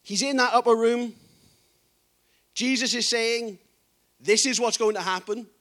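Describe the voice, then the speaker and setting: Preaching a sermon, a man with a distinctly high voice reads scripture quietly before rising into forceful, emphatic delivery. His pace is a little slow.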